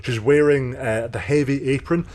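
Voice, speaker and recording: A man's voice: medium pitch, fairly even intonation, moderate pace, a little mellow. A man narrating as game master of a tabletop game, rambling with many fillers.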